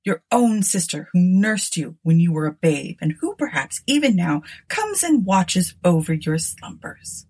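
A woman's voice: fairly low pitch, big pitch swings, a little slow, few pauses, a little mellow, husky, full character voice. A woman reading aloud voicing a grim, miserly, scornful woman in a storybook, with a harsh, menacing manner. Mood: taunting.

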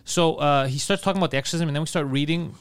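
Fast-talking animated man. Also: a little high, smooth, dry recording, studio quality. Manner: fast, animated, swears, quotes others with laughter. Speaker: podcast co-host. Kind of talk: casual storytelling banter.

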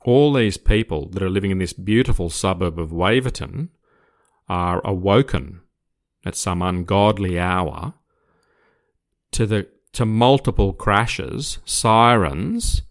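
A man's voice: low-pitched, lively intonation, takes it slowly. An older man from Australia, a retired police officer, telling a story in casual conversation, hesitant with repeated words but growing vivid. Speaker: retired police officer recounting his career.

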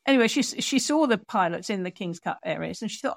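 Woman telling a story in an interview, lively, dry close mic. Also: medium pitch, fast, gravelly, dry recording. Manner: lively storyteller, acting out quotes. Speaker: author and guest.

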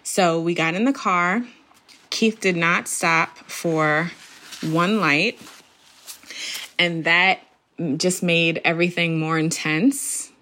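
Slow, low-voiced mother telling a story. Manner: calm, reflective, laughs softly. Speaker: mother recounting a birth. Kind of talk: storytelling interview.

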